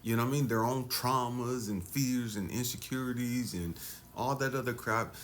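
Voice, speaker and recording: Male motivational speaker, mid-pitched, swinging between whispers and bursts. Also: normal speed, slight background noise. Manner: intense, drops to hushed near-whispers then surges for emphasis. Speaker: life coach and speaker. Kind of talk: motivational talk to camera.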